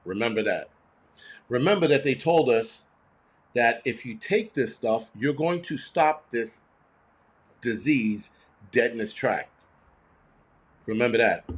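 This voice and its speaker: A man hosts his own show in a heated, casual rant. He talks bluntly and profanely, firing off rhetorical questions at his audience. His voice sits at an ordinary middle pitch for a man. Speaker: host. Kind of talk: casual ranting commentary.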